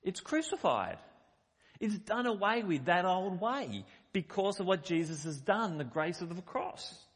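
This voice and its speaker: Here the middle-aged preacher has a high, sing-song voice, fairly bright with a breathy edge, and he moves at a measured pace. He reads scripture and explains it in a conversational, emphatic manner, stressing quoted lines, and a long hall reverb trails his words.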